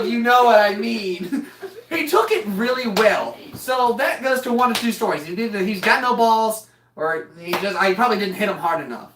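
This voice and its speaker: A woman's voice: mid-range voice, lively intonation, normal speed, fairly bright tone, a little hiss or hum. A woman telling a funny family story in casual chat, joking and laughing as she goes. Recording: echoey room, mic far off.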